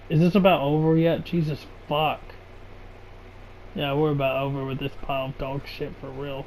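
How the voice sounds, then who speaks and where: Man reading a fan story aloud, sarcastic, exasperated, swearing, slightly high voice, faint hiss. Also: level tone, normal speed, darkish tone, rough recording. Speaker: story reader and reviewer.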